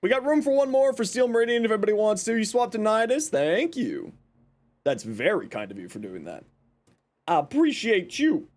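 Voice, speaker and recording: A man's voice: high-pitched, very animated, a little fast, darkish tone. A man streaming a game live, chatting casually and greeting viewers by name with playful sarcasm. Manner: upbeat, greets chat by name.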